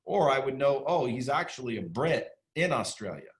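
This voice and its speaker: A man being interviewed as a guest, talking bluntly and emphatically with casual swearing and rapid-fire questions. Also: medium pitch, sing-song. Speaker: interview guest, sales training entrepreneur. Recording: echoey room.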